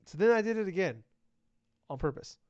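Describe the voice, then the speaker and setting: A man co-hosting a podcast, chatting casually and breaking into profane, animated rants. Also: high voice, fairly quick, dry recording. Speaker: podcast co-host. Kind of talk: casual chat. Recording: dull lo-fi recording.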